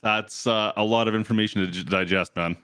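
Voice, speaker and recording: Fast-talking male podcast co-host. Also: lowish voice, steady tone, a bit bright, clean tone, dry recording, clean studio sound. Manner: rambling, self-mocking. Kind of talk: casual chat.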